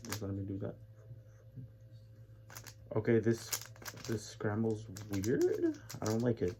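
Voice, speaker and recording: A man's voice: lowish voice, creaky, background noise. A man vlogging his cube practice, rambling and muttering to himself, getting easily frustrated. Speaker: speedcubing hobbyist vlogger. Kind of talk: casual self-talk while solving a cube.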